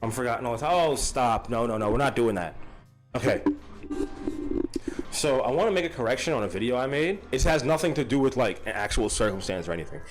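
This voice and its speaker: A man's voice: mid-range voice, lively intonation, fairly quick, faint music behind. A man hosting a casual livestream, rambling and swearing freely while greeting chatters by name. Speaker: livestream host.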